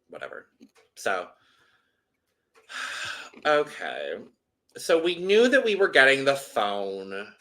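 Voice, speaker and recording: A man's voice: medium pitch, bright, forceful tone. A man co-hosting a podcast, chatting casually in a rambling way with many restarts. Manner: chatty, lots of likes and restarts. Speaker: podcast co-host. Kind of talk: casual recap chat.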